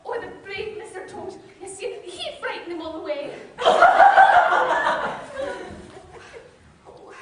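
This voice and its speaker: A woman's voice: very high voice, lively intonation, normal speed, hardly any pauses, fairly bright tone. A woman playing a timid, stammering little mole. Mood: frightened. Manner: nervous, stammering and breathless. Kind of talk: stage play performance. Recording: distant echoey stage recording with faint hiss.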